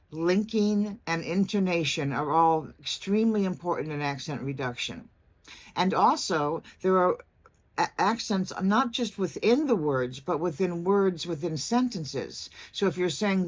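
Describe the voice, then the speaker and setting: A woman accent coach giving a clear, deliberate lesson, demonstrating phrases aloud. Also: lowish voice. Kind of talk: instructional talk to camera.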